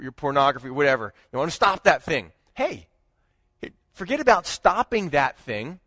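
A high-pitched man preaching a church sermon, rising to loud emphasis and then sinking low and quiet. The recording is dry and close, with almost no room sound. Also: no room sound. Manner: animated preaching, swinging between loud emphasis and low hushed lines. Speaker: pastor.

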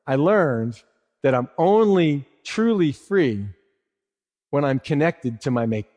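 A man's voice: on the high side, animated, slow, a little mellow, big-room sound, dull audio, voice pushed down. A man playing an innocent, eager kite. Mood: earnest. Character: naive carefree kite, male.

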